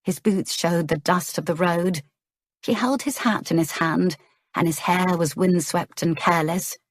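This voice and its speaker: Low-voiced woman narrating an audiobook. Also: a little slow, no echo. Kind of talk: scripted narration.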